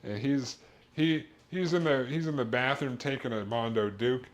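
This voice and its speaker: A man's voice: medium pitch, normal speed. A young man streaming as he cooks in his kitchen, rambling through crude jokes and a long story as he works. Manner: rambling, crude jokes, talks while cooking. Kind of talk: casual cooking stream chat.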